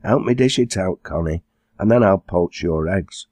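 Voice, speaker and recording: A kindly, fussing middle-aged farmer's wife, played by a male narrator. Her voice sits somewhat above his deep natural register, with a husky grain. She speaks with a lively, sing-song lift. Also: normal speed, no echo. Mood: motherly.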